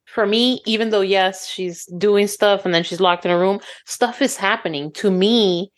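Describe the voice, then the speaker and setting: A woman's voice: mid-range voice, moderate pace. A woman co-hosting a casual book club discussion, giving her opinions expressively.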